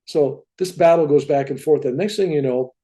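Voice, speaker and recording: A man's voice: a little high, normal speed, warm tone. An older man telling a personal story as an interview guest, acting out the dialogue as he goes.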